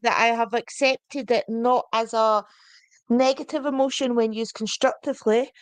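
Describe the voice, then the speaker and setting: Scottish lady chatting on a video call, bit high voice, dry close sound, giggly, trails off. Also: fairly even intonation, moderate pace, clear, resonant tone, no room sound. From Scotland. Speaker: co-host. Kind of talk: casual chat.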